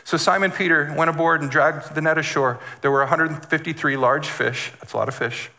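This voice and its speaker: A man preaching as a guest speaker, animated, repeating words and acting out the voices he quotes. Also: on the high side, brisk. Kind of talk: sermon.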